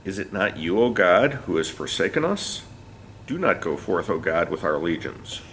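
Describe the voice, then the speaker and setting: A man reading a text aloud in a class in a steady, measured way, adding short remarks of his own. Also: low voice, slight background noise.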